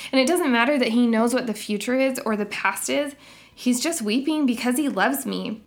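Earnest woman hosting a devotional podcast. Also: fairly high pitch. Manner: earnest and reflective, with soft laughs; reads scripture aloud in a measured way. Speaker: podcast host.

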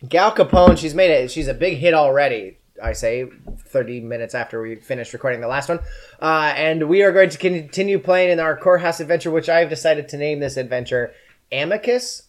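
A man running a tabletop game as game master, narrating in a lively, jokey way. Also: fairly high pitch, a little fast, a little hiss or hum.

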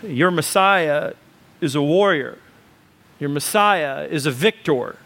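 Man, pastor, sermon, high voice, talky with fillers, emphatic lists. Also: animated, takes it slowly, a bit bright. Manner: conversational preaching with fillers, rising to emphatic lists.

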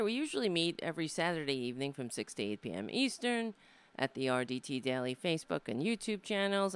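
Talking into a desk mic on the show she hosts, a Brooklyn-born woman comedian gives a rambling, profane, sardonic live-stream monologue. Her voice is low-pitched, fairly bright and clean.

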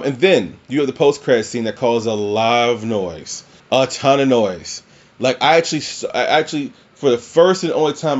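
A man's voice: on the high side, lo-fi sound. A man casually reviewing a film, rambling and swearing, full of fillers and restarts. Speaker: movie reviewer.

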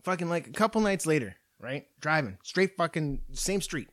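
Young guy, podcast host, sweary rants, lively swinging pitch, slightly high voice. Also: moderate pace. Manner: profane, animated storytelling rant. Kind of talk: casual ranting chat.

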